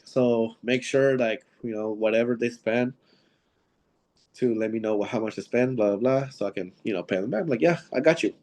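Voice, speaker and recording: A man's voice: medium pitch, fairly even intonation, moderate pace, a little mellow. Man from Seattle telling a rambling story. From Seattle, USA. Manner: rambling anecdotes, acts out quoted dialogue, many fillers. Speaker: professional wrestler guest. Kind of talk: casual storytelling in an interview.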